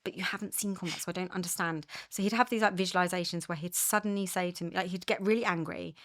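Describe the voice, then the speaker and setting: A woman's voice: on the low side, fairly even intonation, quick pace, a bit bright. A woman with an English accent, a podcast guest speaking earnestly about her past in candid conversation. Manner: earnest, many restarts, mimics others' voices in quotes. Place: podcast studio.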